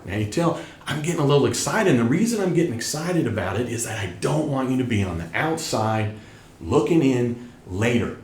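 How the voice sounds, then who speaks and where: A middle-aged tax educator who runs his own channel speaks casually and directly to the camera, emphatic and repeating his points while still recovering from an illness. His medium-pitched voice is lively in intonation, fairly quick, and darkish, recorded in an echoey room with a little hiss or hum.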